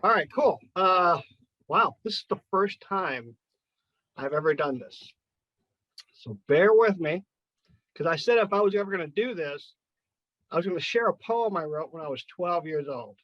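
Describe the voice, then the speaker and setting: A man's voice: high voice, expressive, moderate pace, long pauses, no room sound, muffled recording. A man in his fifties hosting a chat and then doing a loose, profane stand-up set. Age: 50s. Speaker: podcast host and amateur stand-up comic.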